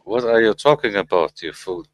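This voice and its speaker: A man mocking and speaking haltingly in a heated casual argument. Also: lowish voice, animated, no room sound.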